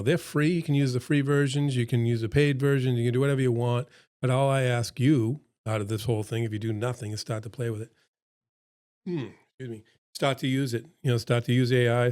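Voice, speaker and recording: A middle-aged man leads a seminar in a loose, conversational pep-talk manner, circling back to hammer his points home. His voice sits at an ordinary male pitch, with a slightly froggy throat running through it. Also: darkish tone. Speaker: seminar presenter. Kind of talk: casual motivational seminar talk.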